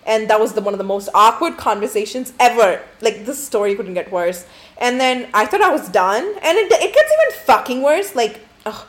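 A woman's voice: on the high side, lively intonation, normal speed. Profane, rambling young woman storyteller. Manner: profane, rambling, heavy use of "like". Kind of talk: casual storytime to camera.

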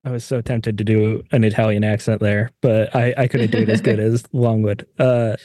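A man's voice: lowish voice, little pitch movement, moderate pace, dark tone. A man introducing his character at a tabletop game table, with jokey asides about him. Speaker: player.

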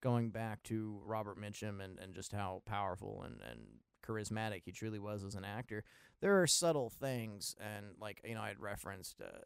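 Casual podcast host, a man who rambles through film talk with restarts, cursing and excited bursts; smooth voice, dry. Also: fairly low pitch, normal speed, no echo. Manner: rambling, profane, full of restarts and asides; excitable, with sudden loud bursts. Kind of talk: casual film review monologue.

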